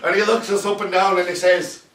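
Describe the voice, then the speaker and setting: A man's voice: high voice, fairly quick. A man playing a proud Civil War captain. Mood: boisterous, boastful. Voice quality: animated storyteller, breaks into shouted quotes. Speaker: actor in a one-man stage play. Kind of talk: theatrical monologue. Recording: roomy, distant stage recording.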